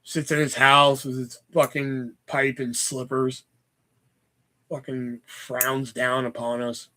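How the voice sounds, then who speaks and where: A man's voice: mid-range voice, flat delivery, slow pace, sharp tone. A man hosting a casual livestream, chatting with viewers in a profane, joking, rambling way. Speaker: livestream host.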